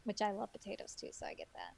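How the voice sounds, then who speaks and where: A woman's voice: mid-range voice, huge pitch swings, fast talker, creaky, a little mellow, no room sound. A woman co-hosting a podcast, chatting casually about a film with wry, joking asides. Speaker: podcast co-host.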